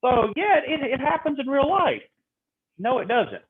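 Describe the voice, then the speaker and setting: A man lecturing a real estate class, acting out clients and agents in quick animated stories. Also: extremely high pitch. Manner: animated storytelling, role-playing clients in quotes. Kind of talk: classroom lecture with acted-out examples. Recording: tinny phone-like audio with faint noise.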